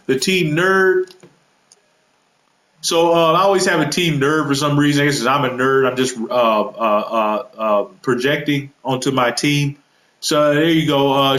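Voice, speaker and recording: A man's voice: medium pitch, a bit bright, reverberant, poor audio. A man rambling casually through a walkthrough of his created game roster, with lots of fillers and self-corrections. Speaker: gaming video creator.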